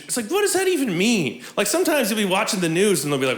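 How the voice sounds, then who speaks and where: High, animated man doing stand-up. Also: fast talker, few pauses. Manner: animated, breaks into shouting for punchlines; laughs at his own jokes. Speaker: stand-up comedian. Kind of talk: live stand-up set. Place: theatre stage before a live audience. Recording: echoey theatre with audience noise.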